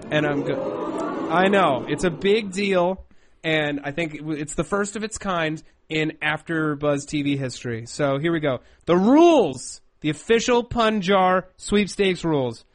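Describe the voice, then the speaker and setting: High-voiced playful male podcast host. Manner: playful, jokey, quick and excitable. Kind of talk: casual chat.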